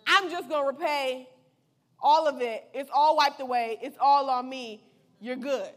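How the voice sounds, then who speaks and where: A generous king , as a woman preacher puts him on, calmly waves away a debt. The voice sits a little lower than her own. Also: a little slow. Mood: reassuring. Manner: reassuring, easygoing.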